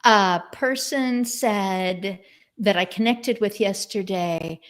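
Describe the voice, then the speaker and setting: A woman's voice: medium pitch, takes it slowly. Chatty woman hosting a video chat. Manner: chatty, retells stories by voicing what others said. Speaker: host. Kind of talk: casual chat on a live video stream. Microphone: video call.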